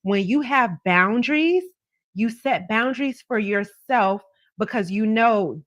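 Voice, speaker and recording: A woman's voice: a little high, animated, measured pace, no room sound. A woman hosting a casual livestream, talking to viewers in a chatty, emphatic way and repeating her points as she gives advice. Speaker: psychic tarot reader livestream host.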